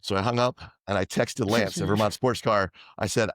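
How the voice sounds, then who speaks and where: Low-voiced man telling animated stories. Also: fairly quick, no room sound, clean studio sound. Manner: animated anecdotes, quoting others in dialogue. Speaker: guest. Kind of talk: casual storytelling interview.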